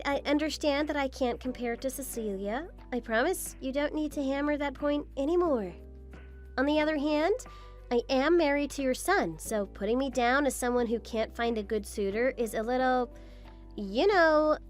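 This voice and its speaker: Patient daughter-in-law played by a woman, kinda defensive, really high pitched. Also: moderate pace, soft background music, close to an everyday voice. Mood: pushing back. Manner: apologetic, mildly defensive. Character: patient put-upon young daughter-in-law.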